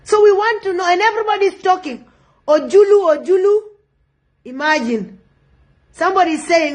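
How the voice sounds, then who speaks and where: A woman's voice: very high-pitched, animated, moderate pace. A South Sudanese woman with a South Sudanese accent giving impassioned political commentary, repeating phrases for emphasis. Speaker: online commentator.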